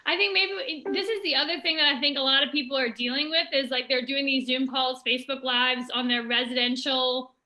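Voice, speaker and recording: A woman co-hosting a casual chat over a video call from home, bubbly, excitable and rambling. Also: sits high, brisk, hardly any pauses. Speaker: co-host.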